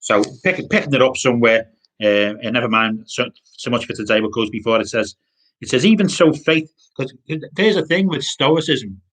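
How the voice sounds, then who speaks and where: A man giving an informal sermon, halting with many restarts and repeated words. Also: medium pitch, fairly bright tone. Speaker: pastor.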